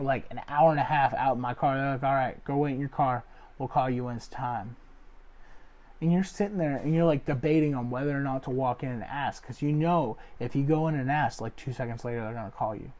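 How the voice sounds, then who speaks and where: A young man, a comedy show host, rambling through a loose joke monologue full of fillers and deadpan asides. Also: mid-range voice, fairly quick. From Ohio area. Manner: loose, filler-heavy, deadpan jokes with acted quotes. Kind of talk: rambling stand-up style monologue.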